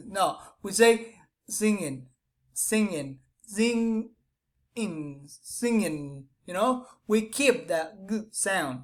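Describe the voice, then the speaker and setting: A woman teaching English pronunciation who demonstrates each sound aloud, often restarts phrases with "I mean", and keeps checking in with "right?" and "you know?". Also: mid-range voice. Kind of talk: explanatory phonetics lesson.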